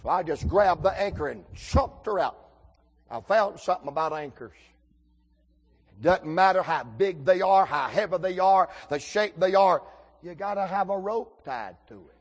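A man, preaching a folksy storytelling sermon that swings between shouts and hushed asides. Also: sits high, expressive, normal speed.

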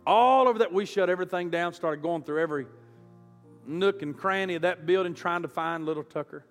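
Impassioned high-voiced preacher. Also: male voice, brisk. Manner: impassioned, surging from quiet to loud. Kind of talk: storytelling sermon. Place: church auditorium. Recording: reverberant hall with soft music.

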